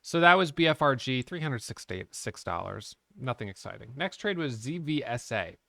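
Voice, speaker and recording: A man's voice: medium pitch, big pitch swings, moderate pace, vocal fry, fairly bright tone, no room sound, clean studio sound. A man giving a casual, frank recap of his day trades, talking through the charts and openly criticizing his own mistakes.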